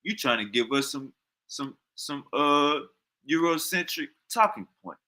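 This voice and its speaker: A man's voice: on the high side, expressive, a little slow, bright, forceful tone. A man, reacting to a video in heated, profane, repetitive commentary. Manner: heated, profane, slangy, repeats himself. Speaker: reaction streamer.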